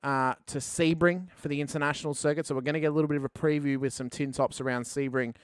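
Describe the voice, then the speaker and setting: Man, race commentator, fairly high, flat pitch, excitable play-by-play. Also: fast, clean tone, dry recording, clean studio sound. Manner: excitable play-by-play calling the finish. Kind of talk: sim racing commentary.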